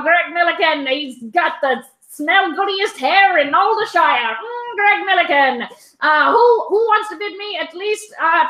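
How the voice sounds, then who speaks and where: A woman putting on the voice of a brash old-time auctioneer who hams up her rapid sales patter. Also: very high voice, pushed and bright, reverberant, heavily acted, rough recording. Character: brash fast-talking 1920s auctioneer, hamming it up.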